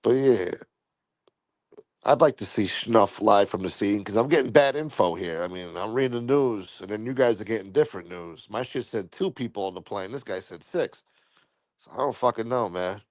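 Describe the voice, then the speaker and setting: A man's voice: lowish voice, normal speed, no echo. A man hosting a casual live stream, answering viewer comments in a profane, rambling, blunt way.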